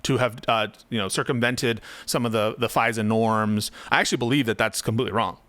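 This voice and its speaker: A man's voice: mid-range voice, steady tone, brisk, a bit bright, dry recording. A young man in a heated political debate, stammering and cutting in with repeated "wait, wait" as he presses his points.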